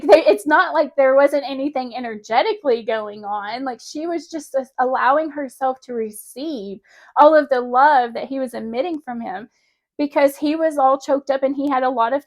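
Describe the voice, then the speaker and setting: A young woman vlogger telling a personal story in a chatty, animated way, often laughing mid-sentence. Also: high-pitched. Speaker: spiritual vlogger. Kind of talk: casual personal storytelling to camera.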